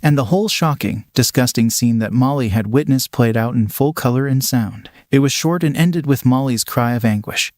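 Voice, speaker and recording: A man narrating a scripted story in a steady, even way. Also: medium pitch, moderate pace, few pauses, no room sound, clean studio sound.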